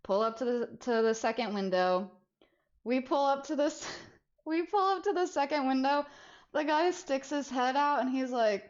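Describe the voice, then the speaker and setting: Animated young woman spinning a story. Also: high-pitched, measured pace, long pauses, dull audio. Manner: animated, laughs through the story, frequent restarts. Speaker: streamer. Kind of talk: casual storytelling on a game stream.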